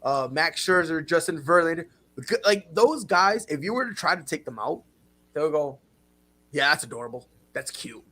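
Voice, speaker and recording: A husky-voiced man with a fairly high voice hosts a sports talk show. He tells animated stories and jumps into other people's lines as he goes. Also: normal speed. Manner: animated storyteller, acts out players' quotes.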